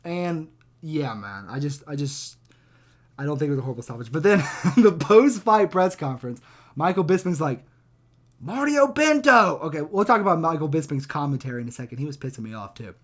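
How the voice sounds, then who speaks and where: A young man riffing through a casual reaction commentary, blunt and loose with plenty of swearing. His voice sits a bit higher than most men's, and he rambles and chuckles between points. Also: lively intonation, a little fast. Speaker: reaction video host.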